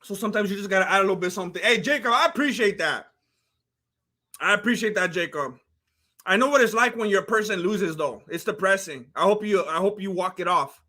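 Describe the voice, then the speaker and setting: A high-pitched man from California hosts a casual livestream, chatting loosely about fights and reading viewer comments aloud. His voice is bright and forward, and his talk wanders, padded with "like" and "you know.". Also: expressive, fairly quick.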